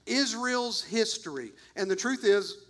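A man's voice: high-pitched, lively intonation, a little slow, fairly bright tone. A man preaching a sermon as pastor, emphatic and repetitive, talking straight to his congregation.

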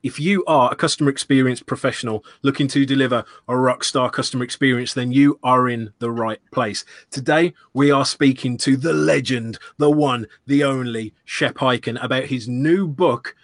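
A man's voice: mid-range voice, steady tone, normal speed, few pauses, dry recording. A British man hosts a live-streamed show, his delivery upbeat and playful. His voice sits in a middle register and sounds dry and close to the mic.

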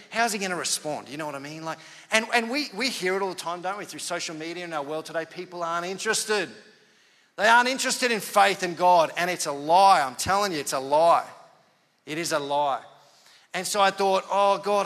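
With a fairly high voice and a big-room sound around him, a male pastor gives a conversational sermon, animatedly telling a story and performing the dialogue himself.

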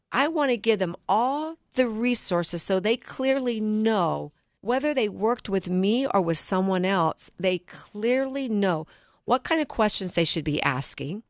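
A middle-aged woman, a financial planner hosting a radio talk show, tells stories earnestly and often restarts her sentences. Her voice is mid-range, and the sound is clean studio audio with no room sound.

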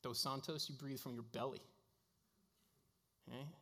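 A man's voice: medium pitch, steady tone, normal speed, fairly bright tone. A man preaching a sermon as a pastor, telling stories in a casual way with lots of fillers. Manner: casual storytelling with frequent fillers. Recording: long hall reverb.

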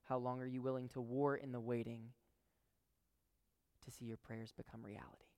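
A man's voice: medium pitch, little pitch movement, moderate pace, a little mellow, clear, resonant tone. A young man preaching a sermon, telling a story and talking earnestly to the crowd. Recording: long hall reverb.

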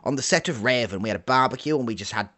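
A comedy host who trips over his own words, repeating himself and bluffing his way along. He has a medium-pitched male voice and a boastful, blustering manner. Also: very fast, bright, forceful tone. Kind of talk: improvised comedy chat.

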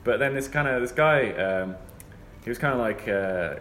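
A man's voice: mid-range voice, normal speed, fairly bright tone. A young man telling a rambling story in casual chat. He laughs often and slips into mock voices. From England. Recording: echoey room, faint background noise.

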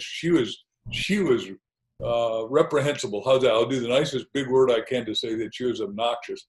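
A man as an interview guest, telling animated anecdotes that build to punchlines. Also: mid-range voice, normal speed. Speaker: guest author. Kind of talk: storytelling interview talk. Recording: roomy echo.

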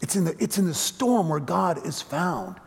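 A man's voice: a little high, big pitch swings, normal speed, creaky. Middle-aged male preacher, dynamic sermon delivery, long church-hall reverb. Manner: dynamic preaching, swelling loud then dropping quiet. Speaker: pastor. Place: church sanctuary.

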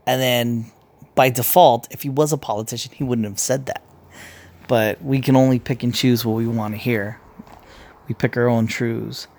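A man's voice: mid-range voice, fairly even intonation, normal speed, darkish tone. Blunt, profane man ranting casually. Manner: blunt and profane, rambling with repeated restarts. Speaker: commentator. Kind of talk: casual opinion rant.

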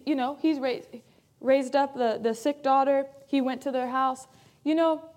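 A woman's voice: high-pitched, darkish tone. A woman pastor preaching a sermon in an earnest, emphatic way, repeating key phrases for weight.

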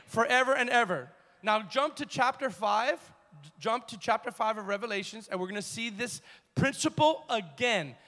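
Male pastor, emphatic sermon delivery, call-and-response, high bright voice, long church reverb. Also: animated. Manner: emphatic call-and-response preaching, slowing down on key words. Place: church sanctuary.

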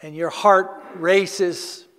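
A man preaching a sermon, leading a slow guided meditation with soft, hushed passages. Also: high-pitched, steady tone. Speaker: pastor. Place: church sanctuary. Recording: long reverb of a church hall.

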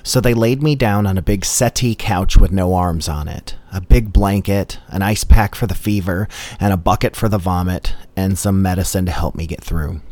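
A man's voice: sits low, moderate pace, hardly any pauses, a little mellow, no room sound. A man telling a comedic personal story in a dry, matter-of-fact way. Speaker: storyteller host.

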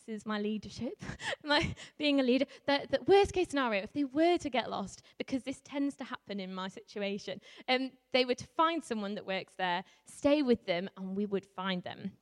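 A woman from Yorkshire without a strong accent, telling a story to a live audience as a youth worker, animated, with laughs and many ums. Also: fairly high pitch. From Yorkshire, England. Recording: reverberant hall.

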